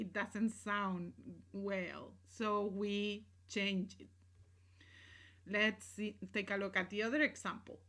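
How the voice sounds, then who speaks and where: A woman's voice: medium pitch, fairly bright tone. A woman teaching a recorded grammar lesson, explaining step by step and often checking in with "right?" and "¿sí?", moving between English and Spanish examples.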